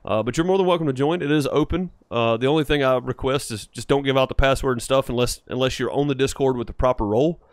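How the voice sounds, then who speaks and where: A man's voice: mid-range voice, quick pace, few pauses, dry recording. A man live-streaming a farming game, chatting casually with viewers in a rambling, easygoing way. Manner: laid-back and rambling, with frequent "uh" and "man".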